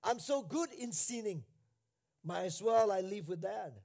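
A male pastor with a high voice delivers a sermon at an unhurried pace. He repeats phrases for emphasis and swings from near-hushed lines to loud, shouted ones. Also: expressive, creaky.

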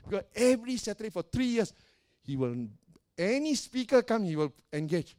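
A man preaching a sermon as pastor of a church, calling out to the congregation and swinging between soft and loud. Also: high-pitched, sing-song, moderate pace. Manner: preaching with call-and-response and dramatic swings in volume.

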